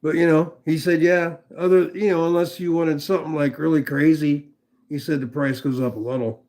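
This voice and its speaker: Gravelly casual knife-review streamer man. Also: on the high side, fairly even intonation, a little fast, a little mellow. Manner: rambling, profane, chatty with viewers. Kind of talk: casual livestream chat.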